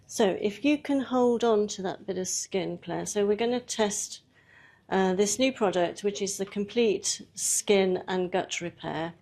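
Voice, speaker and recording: A woman's voice: mid-range voice, unhurried, darkish tone. A woman leads a live workshop demonstration in a chatty, easygoing way. She talks a volunteer through each step and laughs often as she goes. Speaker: workshop presenter.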